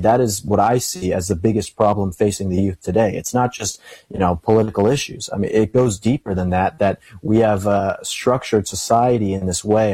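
A man's voice: fairly low pitch, mellow, no echo. A young adult man talking in an earnest way as an interview guest, telling stories and giving opinions. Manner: earnest, storytelling. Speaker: guest, political commentator. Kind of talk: casual interview talk.

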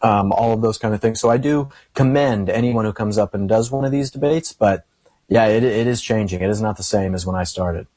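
Young man, guest, earnest storyteller, low voice, dry close sound. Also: fairly quick, a little mellow, no echo. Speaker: guest, political commentator. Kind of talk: casual interview talk.

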